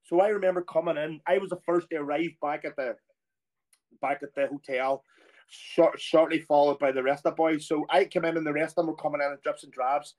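A middle-aged Irish man, a former footballer, telling a long anecdote in a casual, animated way and acting out the people he quotes. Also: a little high, a little fast. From Ireland. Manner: animated storyteller who acts out quoted voices.

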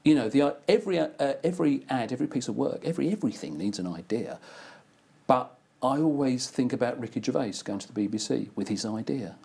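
An older man who writes and produces advertising chats casually, telling anecdotes and acting out the quoted exchanges in them. His medium-pitched voice is expressive, mellow and husky, with vocal fry, and he talks fast.

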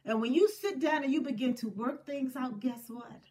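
Lively woman preaching a folksy sermon. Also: high voice, normal speed. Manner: expressive, swings between loud emphasis and soft asides.

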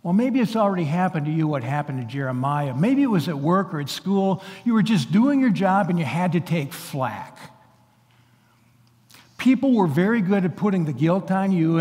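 Male pastor, high voice, emphatic sermon delivery, stumbles and restarts, long church reverb. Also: expressive, normal speed, darkish tone. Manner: earnest, emphatic preaching with frequent restarts. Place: large church sanctuary.

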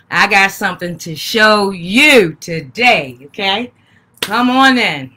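A woman in her fifties hosts a live-stream sale in an unhurried, drawn-out way. Her voice is bright and forceful, and her talk is folksy and chatty, with the same welcomes repeated over and over. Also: mid-range voice, expressive, slight background noise. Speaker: live-stream seller and host. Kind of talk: casual live-stream sales chat.

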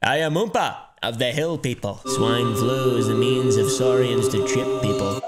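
A man in his twenties who swears a lot and reacts with loud exclamations in casual commentary as a YouTuber. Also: medium pitch, normal speed, few pauses, loud music behind the voice. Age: 20s.

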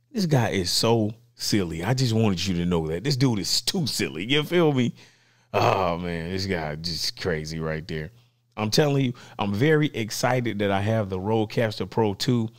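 A man with a fairly low voice hosts his own vlog, excitedly unboxing new gear. He talks casually and playfully, using lots of slang.

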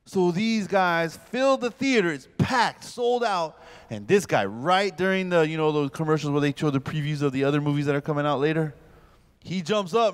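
A man in his forties, a pastor giving a humorous lecture at a youth camp, telling stories in an animated comic way and acting out scenes. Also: a little high, a little fast, clear, resonant tone. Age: 40s.

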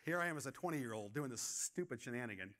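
A man's voice: medium pitch, lively intonation, quick pace, a bit bright. A man preaching a sermon as pastor, asking the congregation questions and telling stories from his own life.

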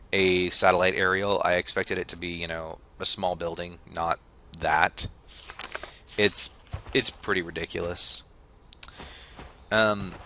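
A man's voice: sits low, sharp tone, a little hiss or hum. A young man commenting casually on a game he is playing, rambling with many fillers and restarts. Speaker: let's play gamer.

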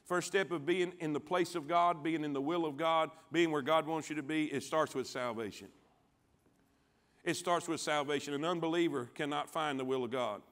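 A man preaching a sermon as pastor, calling on the congregation to answer back and swinging from quiet, low lines to loud ones. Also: normal speed. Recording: church sanctuary.

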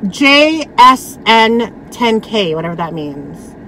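In a fairly high, sing-song, fairly bright voice, a vlogger in her thirties runs through her thrift finds in casual, blunt chat. She uses lots of "like" fillers and laughs quickly, and the poor audio has a bit of hiss or hum.

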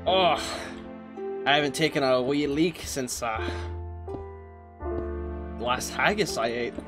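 A brash, foul-mouthed Scotsman with a thick, overdone brogue, as a man puts him on during a game stream. His pitch sits in an ordinary middle range. Loud game music plays behind him. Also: slow pace, natural voice. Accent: put-on Scottish. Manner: swearing, exaggerated brogue. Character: crude Scottish man, gruff and brash.

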